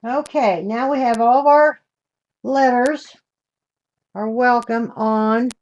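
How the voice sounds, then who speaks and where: A woman's voice: on the high side, takes it slowly, darkish tone, dull audio. An older woman hosting a live craft demonstration, chatting in a homey way and greeting viewers with endearments. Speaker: craft show host.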